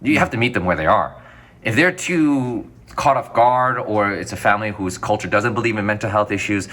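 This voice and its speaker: Fast-talking deep-voiced man, rambling answers. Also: a bit bright. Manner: quick, rambling, self-correcting answers. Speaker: physician guest. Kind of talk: casual interview.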